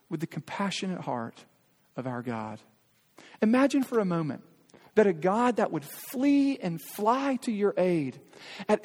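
A pastor in his thirties preaches in a fairly high voice, and his words hang in the long reverb of a big church sanctuary. He speaks to the congregation directly and earnestly, pressing them with question after question. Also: a little mellow. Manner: earnest, urging, direct address with rhetorical questions. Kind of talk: sermon.

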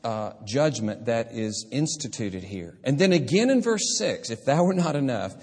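A man's voice: mid-range voice, big pitch swings, moderate pace, a little mellow. A man preaching as a pastor, teaching carefully through a Bible passage and often restarting his words. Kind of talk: expository sermon. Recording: husky voice in a reverberant hall.

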